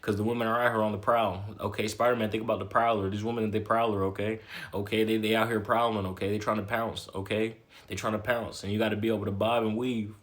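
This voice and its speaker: A man's voice: fairly low pitch, level tone, fast, fairly bright tone. A man giving a blunt, slangy motivational talk, repeating himself and tagging lines with "okay?". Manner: repetitive, emphatic, keeps adding "okay?". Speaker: motivational talker. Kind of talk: casual motivational monologue.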